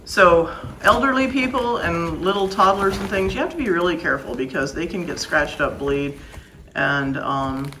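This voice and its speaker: A woman with a lowish voice talks firmly and emphatically about caring for new puppies. Her tone is plain-spoken and strict in a casual vlog. Faint background noise sits under her voice. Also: moderate pace, pushed and bright, rough recording. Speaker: dog breeder.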